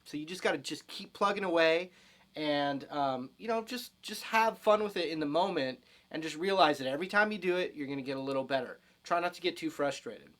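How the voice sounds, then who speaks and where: A man's voice: a little high, expressive, a little fast, fairly bright tone. A man in his thirties teaching a spoken electric guitar lesson, talking casually with fillers and restarts, counting and scatting rhythms aloud. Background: electric guitar playing.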